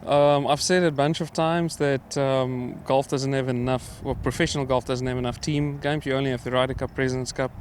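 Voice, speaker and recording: A middle-aged man from South Africa, a professional golfer answering interview questions in a relaxed, hesitant way with many fillers. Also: mid-range voice, brisk, hardly any pauses, a little hiss or hum. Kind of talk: casual interview. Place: outdoors at a golf course.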